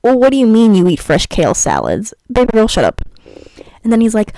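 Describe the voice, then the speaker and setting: Exasperated young woman ranting, sighs a lot, warm tone, dead dry room. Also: mid-range voice, sing-song, a little fast, dry recording, poor audio. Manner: exasperated, sassy, sighing and stammering. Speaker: YouTuber reviewing a cartoon episode. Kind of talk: ranting commentary while gaming.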